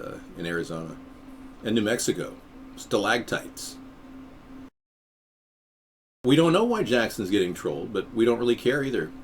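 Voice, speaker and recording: Low-voiced, rambling man chatting casually. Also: fairly bright tone, slight background noise. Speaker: third-party presidential candidate hosting a live stream. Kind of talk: casual live-stream chat.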